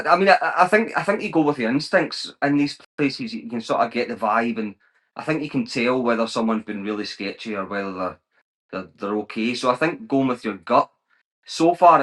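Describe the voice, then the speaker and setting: A man's voice: medium pitch, a bit bright. A young Scottish man in his twenties, a guest on a podcast, talking casually with lots of restarts and slang. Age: 20s. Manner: chatty, many restarts, colloquial slang. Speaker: guest, travel vlogger.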